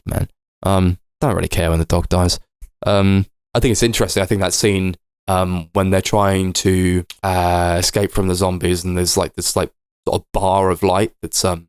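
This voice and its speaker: A man's voice: deep voice, a little mellow, clean tone, no room sound, studio quality. A young man co-hosting a podcast, chatting loosely about films, rambling and swearing, and sometimes slipping into silly voices to act out what the characters say. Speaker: podcast co-host. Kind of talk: casual film chat.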